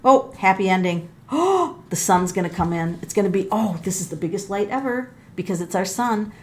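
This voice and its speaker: Middle-aged woman tarot reader, chatty, exclaims at each card, mid-pitched voice. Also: a little fast, slight background noise. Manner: animated, exclaims and gasps at the cards, thinks aloud; talks straight to viewers as folks. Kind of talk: casual tarot reading to camera.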